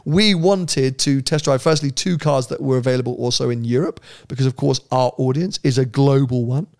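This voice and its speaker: A man co-hosting a casual podcast, with a gravelly, fry-tinged voice. He chats loosely, laughs often and drops into quieter asides. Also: mid-range voice, normal speed. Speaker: podcast co-host.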